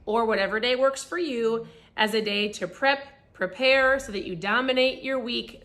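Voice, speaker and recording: Hoarse raspy woman in her 40s chatting on a live stream, kinda high voice, upbeat and pep-talky. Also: bright, forceful tone. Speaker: podcast host. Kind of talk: casual live-stream chat.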